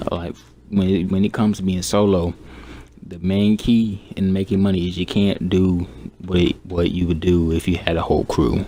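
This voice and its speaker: A young man giving off-the-cuff gaming advice as a YouTuber, keeping his voice subdued and monotone, rambling casually with lots of fillers. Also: deep voice. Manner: laid-back, rambling with many fillers.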